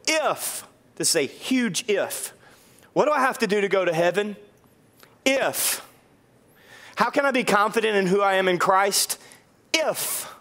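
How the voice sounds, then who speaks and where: High-voiced, animated pastor. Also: male voice. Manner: animated, joking, swings between quick asides and slow emphatic phrases. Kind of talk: sermon.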